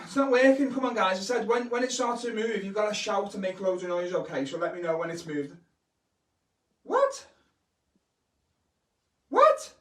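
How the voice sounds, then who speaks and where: Man, kids' entertainer, playful and over the top, high-pitched, roomy echo. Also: steady tone, fast, few pauses. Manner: bouncy, exaggerated, playfully teasing the young audience. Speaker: children's entertainer and magician. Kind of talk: live-streamed magic lesson for kids. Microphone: camera held by his wife. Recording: echoey room, voice from the camera's distance.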